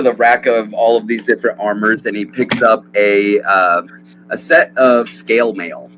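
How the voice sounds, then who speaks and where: A man narrating a tabletop game as game master, animated and quick to laugh. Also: on the low side, slight background noise, poor audio.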